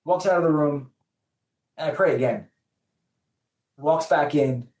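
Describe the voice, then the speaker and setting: On the higher side, his voice moves at a measured pace with long pauses as he shares a personal anecdote during a podcast interview. He animates the story by voicing the other people in it, captured on a distant mic in a roomy space.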